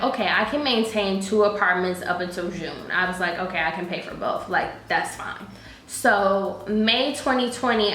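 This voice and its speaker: A woman in her late twenties talks candidly to her viewers about her life, swearing freely and sometimes close to tears. Her voice sits a little low for a woman. The room is echoey, with a faint hum of ambience behind her. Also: bright, forceful tone. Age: late 20s. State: near tears at times. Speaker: vlogger. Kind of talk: casual personal life update.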